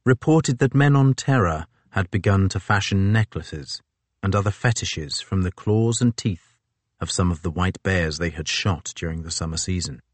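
Deep-voiced male audiobook narrator. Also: lively intonation, normal speed, no room sound. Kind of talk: scripted narration.

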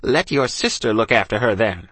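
A man's voice: medium pitch, animated, normal speed, fairly bright tone, breathy edge, no echo. A man putting on a snappish, haughty lady of the house. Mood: snappish, scornful. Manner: snappish, contemptuous, sputtering. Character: sharp, haughty woman of the house.

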